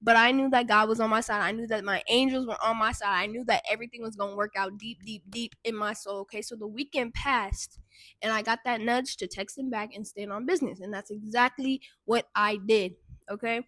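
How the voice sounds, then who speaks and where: A young woman tells her story to camera in a casual vlog, animated and swearing freely as she talks straight to her viewers. Her voice sits a little high and sounds bright and crisp. The recording is dry and close, with no room sound. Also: brisk, no echo. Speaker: vlogger and intuitive guide.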